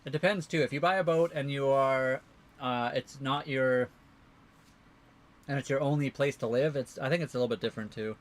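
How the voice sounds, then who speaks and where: A man's voice: medium pitch, moderate pace. A man co-hosting a casual livestream, rambling through answers to viewer questions. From Canada. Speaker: livestream co-host.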